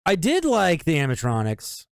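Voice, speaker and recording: A man's voice: fairly high pitch, huge pitch swings, moderate pace, vocal fry, no echo. A man co-hosting a casual movie review podcast, laid-back and profane. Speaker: podcast co-host.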